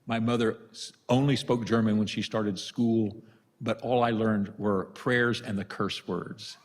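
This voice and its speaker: A man's voice: fairly low pitch, steady tone, a little slow. An older man, a priest from the United States, giving a retreat talk with storytelling and self-deprecating humor. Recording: long reverb of a large hall.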